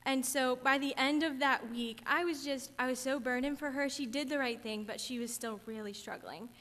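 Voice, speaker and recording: Young woman, earnest testimony, slightly high voice, church hall reverb. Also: fairly even intonation, moderate pace, a bit bright. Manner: earnest, chatty, gets teary. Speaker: camp counselor giving testimony. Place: church sanctuary.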